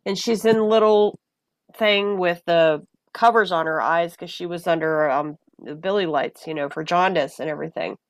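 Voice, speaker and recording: A woman guest in a casual conversation, telling personal stories in an animated way and acting out the voices of the people in them. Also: lowish voice, normal speed, dry recording. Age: adult mother of a young child. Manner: animated, acts out voices in her anecdotes. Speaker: podcast guest.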